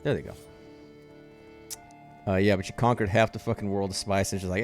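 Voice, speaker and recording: A man's voice: sits low, steady tone, fairly quick. A man casually joking and rambling as he plays through a game, swearing now and then. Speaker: streamer playing a game mod. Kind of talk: casual gaming commentary. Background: faint game music.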